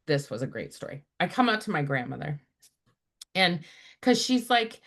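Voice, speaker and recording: Woman host, casual, animated storyteller, quick and chatty. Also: deep voice. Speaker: podcast host. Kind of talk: casual chat.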